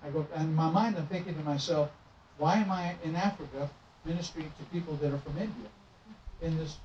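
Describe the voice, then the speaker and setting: A man's voice: a little high, brisk. Man, middle-aged, traveling minister, storytelling sermon, acts out dialogue, far from mic, roomy, noisy. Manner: animated storytelling, acting out dialogue. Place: church sanctuary. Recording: roomy, distant, muffled with noise.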